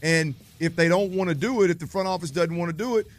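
A man's voice: high-pitched, fast talker, soft background music. A man co-hosting sports talk radio, making emphatic, impassioned arguments.

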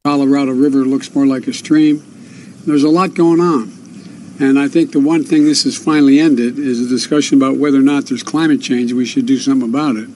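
A man giving a public speech in a measured, emphatic way. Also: medium pitch, a little mellow, slight background noise, poor audio.

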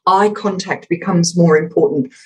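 A woman's voice: fairly low pitch, moderate pace, slight background noise, low-quality recording. A woman, a communications expert, explaining with emphasis in a podcast interview and acting out voice examples as she talks. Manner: emphatic, demonstrative, acts out voice examples.

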